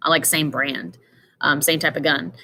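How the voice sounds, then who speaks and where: Woman lecturer, lowish voice, casual, filler-heavy, pointing at slides. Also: fairly even intonation, normal speed, gravelly, bright, forceful tone, a little hiss or hum. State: tired, yawning. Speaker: teacher.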